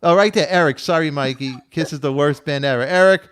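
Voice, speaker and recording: A man hosting a casual live-stream talk show, excitable and teasing, often repeating himself. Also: a little high, fairly quick, background noise.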